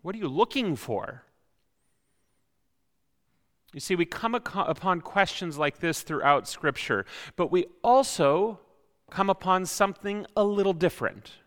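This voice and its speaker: Bright-voiced man preaching in a reverberant hall. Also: high-pitched, normal speed. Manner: reflective, many rhetorical questions. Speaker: pastor. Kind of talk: sermon.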